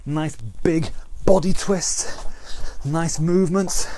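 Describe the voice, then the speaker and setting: A British man teaches an online fitness class in a slightly higher voice. He counts each round down and calls out the moves as he goes. He keeps the group going with steady encouragement. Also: slow, slight background noise. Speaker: fitness instructor. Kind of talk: online exercise class instruction.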